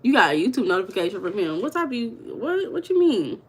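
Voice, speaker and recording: A woman's voice: mid-range voice, very animated, fast, breathy edge. Chatty woman gossiping on a livestream. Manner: chatty, gossipy, reads chat aloud. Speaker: livestream host. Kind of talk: casual livestream chat with viewers.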